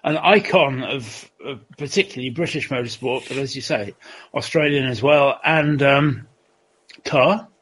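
A man hosting a podcast chat, speaking in a hesitant, halting way as he moves the talk on. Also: medium pitch, a bit bright, slightly rough, poor audio.

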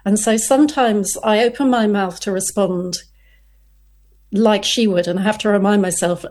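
Woman author guest, casual and chatty, laughs a lot, restarts her lines, middle pitch. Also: fairly even intonation, normal speed, darkish tone. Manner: chatty, self-interrupting, laughs often. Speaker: crime novelist guest. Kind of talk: casual interview chat.

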